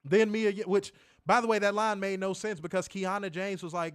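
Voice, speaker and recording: Livestream wrestling reviewer, male, lively and profane, higher-pitched, dry mic. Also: moderate pace, clean tone, no room sound. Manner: animated, profane, slangy, reads chat aloud.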